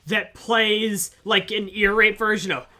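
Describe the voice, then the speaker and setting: Bright, giggly woman chatting. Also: medium pitch, steady tone, measured pace. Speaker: player reading a game with friends. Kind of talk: casual chat.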